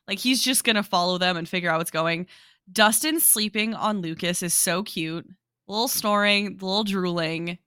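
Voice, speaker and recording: A woman's voice: medium pitch, normal speed, sharp tone, smooth, no room sound, studio quality. A woman co-hosting a podcast in casual chat, gushing and full of "like" fillers. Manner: gushing, lots of "like" fillers, laughs easily. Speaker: podcast co-host.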